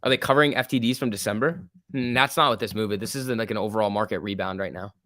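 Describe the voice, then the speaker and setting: This stock trading livestream host speaks quickly in a fairly bright, somewhat low male voice. His casual market commentary is loose and chatty, packed with "like" and "um", and he reads chat questions out loud before answering them. There's no room echo; the sound is dry.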